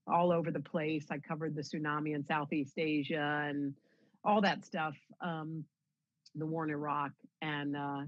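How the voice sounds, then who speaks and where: Low husky woman telling her story. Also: dry recording. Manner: animated storyteller, acts out quoted voices. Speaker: interview guest, TV host. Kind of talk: conversational storytelling interview. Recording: dull, dry, slightly muffled sound.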